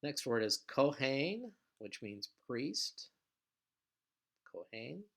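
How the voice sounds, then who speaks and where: A man teaching biblical Hebrew vocabulary in a recorded lecture, patient and explanatory, with frequent filler sounds and phrases that trail off quietly. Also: mid-range voice, sing-song, drawn-out words, creaky.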